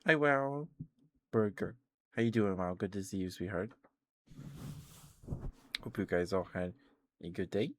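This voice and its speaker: Sleepy, slow-talking young man doing ASMR. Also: fairly low pitch, dry recording. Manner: sleepy, rambling and gentle. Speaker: ASMR streamer. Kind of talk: soft ASMR chat.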